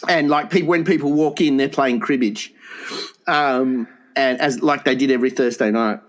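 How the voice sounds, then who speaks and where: A man, co-hosting a crude comedy podcast. He rambles, giggles, and cuts in with quick remarks. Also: mid-range voice. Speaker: podcast co-host.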